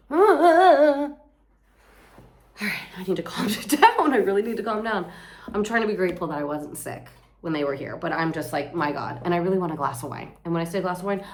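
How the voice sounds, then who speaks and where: A young woman vlogging alone, venting in a loose, rambling stream. Her voice sits a little low, with sudden loud, high outbursts and plenty of swearing. She mocks herself as she goes. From Florida. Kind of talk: casual venting to camera.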